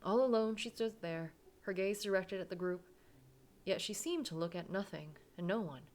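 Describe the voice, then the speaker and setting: A woman's voice: medium pitch, normal speed, darkish tone. A woman reading a visual novel aloud, narrating dramatically and breaking off for casual asides. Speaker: game player reading aloud.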